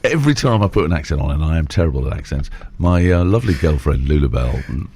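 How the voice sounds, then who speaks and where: A man's voice: extremely low pitch, lively intonation, fast, a little mellow, slightly rough, no echo. A middle-aged man, a presenter and auctioneer, telling long self-deprecating stories in casual chat.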